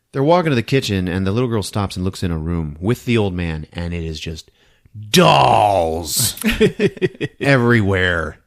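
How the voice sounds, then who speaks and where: A man's voice: low-pitched, big pitch swings, moderate pace. A man hosting a podcast, recapping a movie for laughs, often laughing and breaking into character voices. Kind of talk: comedic movie recap with acted-out quotes.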